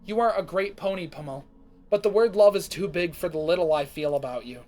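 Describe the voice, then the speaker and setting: A man voicing an excitable young female pony who turns bitter and scolding. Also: high-pitched, fairly quick, close to an everyday voice. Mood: cold. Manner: bubbly, then sharply scolding.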